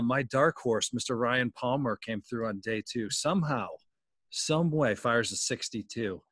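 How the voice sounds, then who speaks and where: A man's voice: lowish voice, fairly bright tone, no room sound, studio quality. A man co-hosting a golf podcast in casual chat, joking and bantering with the others.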